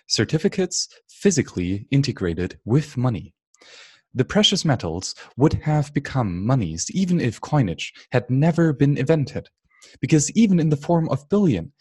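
A man's voice: mid-range voice, darkish tone, husky, no echo, clean studio sound. A man reading an economics book aloud, stumbling and restarting words now and then. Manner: unscripted reading with frequent slips and restarts. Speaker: audiobook reader.

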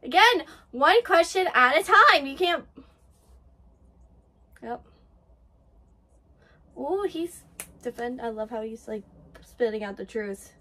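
High-voiced gushing woman reacting. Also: takes it slowly, long pauses. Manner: gushing, excitable, swears freely. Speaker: anime reaction host. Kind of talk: live reaction commentary.

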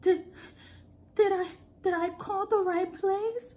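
A woman's voice: extremely high pitch, steady tone, a little slow, pitched above the performer's own voice. A woman voicing a terrified woman customer on the phone, stammering in a shaky voice. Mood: nervous, unsure. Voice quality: shaky, hesitant voice.

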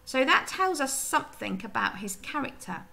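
A woman teacher giving a recorded reading lesson, explaining gently and asking her pupils questions. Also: sits high, very animated, moderate pace, gravelly. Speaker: primary school teacher.

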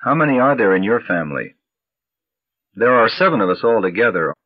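A man reading English practice phrases slowly and clearly for learners, on a dull lo-fi vintage recording. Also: fairly low pitch, sing-song. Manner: measured, carefully enunciated drill reading. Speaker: language teacher.

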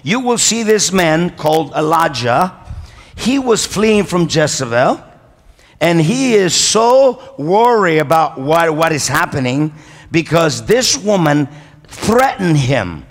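A male pastor preaching with a high voice that swings all over. He stresses key lines, repeats them and calls for amens. His voice rings out with the long reverb of a big church hall. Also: big pitch swings, takes it slowly. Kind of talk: sermon.

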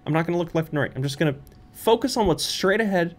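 A man's voice: on the high side, lively intonation, fast. A young man playing a horror game on his channel, muttering nervously to himself and breaking into squeals and laughs. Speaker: let's play streamer. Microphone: studio microphone.

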